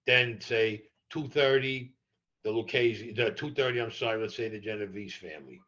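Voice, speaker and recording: An older man tells stories as an interview guest, blunt and profane. His voice is bright and forceful. The recording sounds a little dull and muffled. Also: fairly low pitch, moderate pace. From New York. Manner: blunt, profane, animated storyteller. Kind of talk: storytelling in a podcast interview.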